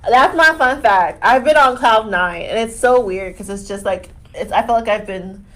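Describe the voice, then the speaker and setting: A young woman co-hosting a podcast, chatting casually with loud, crude jokes and frequent laughter. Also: fairly high pitch, normal speed. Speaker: podcast co-host. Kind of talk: casual chat.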